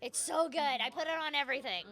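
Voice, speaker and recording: A woman hosting a casual chat in an animated, chatty way, with a light Minnesotan tinge to her American accent. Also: high voice. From Seattle, USA. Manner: chatty, animated, quick to laugh. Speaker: host.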